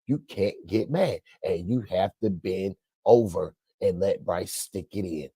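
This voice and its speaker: A man's voice: low voice, unhurried, warm tone, slightly rough, no room sound. A man hosting a sports commentary show, ranting in a profane, emphatic way and repeating his points. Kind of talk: fiery sports rant.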